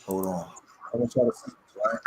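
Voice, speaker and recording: A man's voice: lowish voice, fairly quick, darkish tone. A man talking on a live stream, impassioned and rambling, often restarting his sentences. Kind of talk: emotional live-stream talk. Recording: roomy echo.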